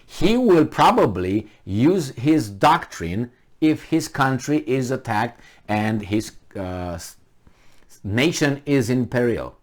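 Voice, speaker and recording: A man's voice: mid-range voice, sing-song, slow. A man giving opinionated solo commentary in a vlog, sarcastic and incredulous, firing off rhetorical questions. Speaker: vlogger.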